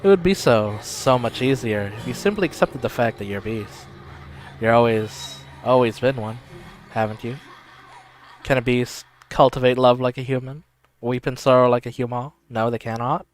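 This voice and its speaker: A man's voice: mid-range voice, close to an everyday voice. A man voicing a smug mocking inner voice. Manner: smug, slow, chuckling. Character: taunting inner voice, cold and mocking.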